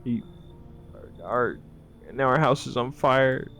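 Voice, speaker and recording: A man's voice: medium pitch, slow pace, a bit bright, soft background music, pitched above the performer's own voice. A man voicing a scared little girl who stammers, without really changing his voice. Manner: stammering, shaky. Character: frightened little girl whose father was killed.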